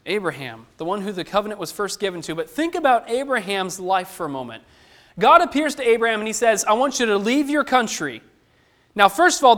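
A man's voice: very high voice, fairly bright tone. A man preaching a sermon, who asks the listeners questions and acts out the lines of the people he quotes.

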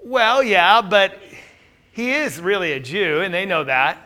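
A man's voice: high-pitched, a little slow, pushed and bright. A man teaching a Bible class, quizzing his listeners with questions and then answering them himself.

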